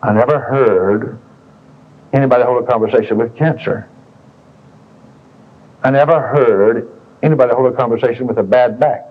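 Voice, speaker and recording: A man's voice: medium pitch, moderate pace, long pauses. A man preaching a sermon in a folksy, colloquial way, repeating phrases and telling stories to the congregation. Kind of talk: sermon with storytelling. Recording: dull lo-fi tape recording.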